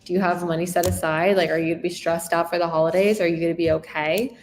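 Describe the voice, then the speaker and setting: Expressive woman coaching on sales talk. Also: lowish voice, fast, a little hiss or hum. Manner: expressive, shifting tone and emphasis; frequent rhetorical check-in questions. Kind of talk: live sales training talk.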